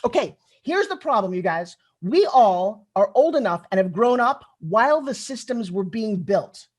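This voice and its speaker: A middle-aged woman speaks at normal speed in a mid-range, slightly rough voice. Her keynote at a conference is chatty and full of stories, delivered in an animated style aimed straight at the audience.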